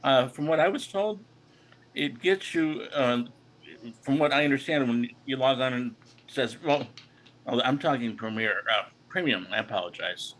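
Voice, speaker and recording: A man's voice: mid-range voice, expressive, fairly bright tone, low-quality recording. A man chatting casually as a guest on a live stream, stumbling over his words and teasing the host. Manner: halting, fumbling for words, teasing and laughing. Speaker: chat guest. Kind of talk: casual chat.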